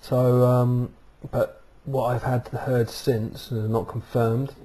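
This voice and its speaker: Man, low voice, mellow tone, rambling casual vlog talk, webcam mic, faint background hum. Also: little pitch movement, slow pace. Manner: rambling, many ums and uhs. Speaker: vlog host. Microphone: webcam microphone.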